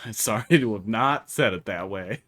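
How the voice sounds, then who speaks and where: A man's voice: on the low side, measured pace, fairly bright tone, soft background music. A man with a Wisconsin accent, chatting casually as a streamer while he plays and answers chat. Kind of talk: casual live-stream commentary.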